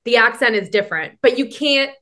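A woman from New Hampshire co-hosting a podcast, chatting in an animated, rambling way. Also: on the high side, brisk. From New Hampshire, USA. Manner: animated, rambling, laughs easily. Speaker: podcast co-host. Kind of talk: casual podcast chat.

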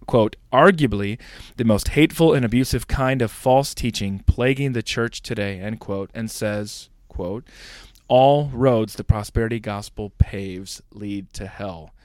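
A man's voice: fairly low pitch, unhurried, dry recording, studio quality. A man hosting a podcast, reading a scripted introduction and asking questions. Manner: reads quotes formally. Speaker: podcast host.

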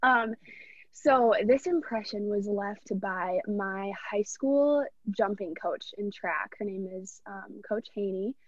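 A woman's voice: mid-range voice, takes it slowly, no room sound. A young woman, a podcast guest, telling a personal story in an earnest, rambling, heartfelt way. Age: young adult. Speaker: podcast guest, college athlete. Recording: dull, dry lo-fi recording.

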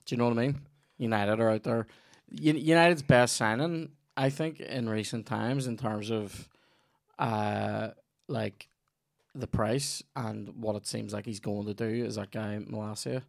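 A man's voice: on the low side, fairly even intonation, measured pace, creaky. A young man with a Northern Irish accent hosting a podcast, chatting casually in a rambling, sweary way with lots of restarts. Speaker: podcast host. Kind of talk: casual chat.

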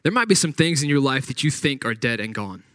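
A man's voice: medium pitch, big pitch swings, fairly quick, a bit bright, dry recording. A man preaching a sermon, reading scripture aloud and retelling the story with dramatic acted-out quotes. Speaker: pastor.

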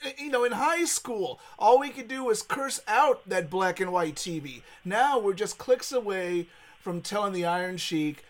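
A middle-aged man co-hosting a podcast in casual chat, excitable and rambling with many restarts. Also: high-pitched, normal speed. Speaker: podcast co-host.

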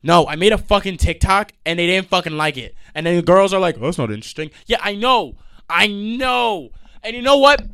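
A young man hosting a solo podcast, ranting in an animated, exasperated way and swearing often. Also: sits high, moderate pace, clean tone, no room sound, studio quality. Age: young adult. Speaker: podcast host.

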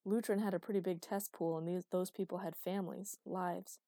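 A woman reading the lines of a big, gruff male commander in an audiobook, in a dry recording. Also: sits high, steady tone, brisk, dark tone, no room sound. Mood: steady. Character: big deep-voiced calm male commander.

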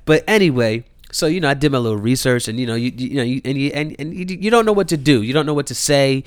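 A young man telling a personal story in casual chat, rambling and animated with lots of fillers and swearing, his voice jumping up when he shows disbelief. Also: fairly quick, clean tone, dry recording, studio quality. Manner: jumps high in pitch when voicing disbelief.

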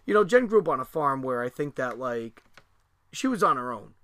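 A man's voice: medium pitch, very animated, a little fast, a bit bright, dry recording. A middle-aged man telling a family story in casual chat, rambling with lots of fillers and restarts, and swearing freely.

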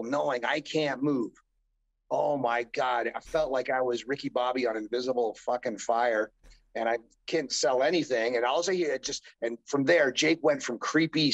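A man's voice: mid-range voice, vocal fry, no room sound, low-quality recording. A middle-aged man, a former pro wrestler, rambling through profane stories in a casual interview and acting out the voices of people he quotes.

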